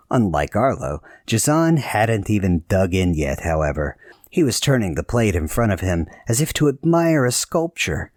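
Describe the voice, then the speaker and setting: A man narrating a novel in a measured storytelling voice. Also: deep voice, no room sound, clean studio sound. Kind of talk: scripted audiobook narration.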